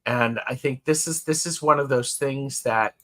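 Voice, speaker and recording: Chatty guy cohosting a tarot stream, bright voice, reads out comments. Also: medium pitch, normal speed. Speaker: tarot show co-host. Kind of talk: casual chat on a live stream.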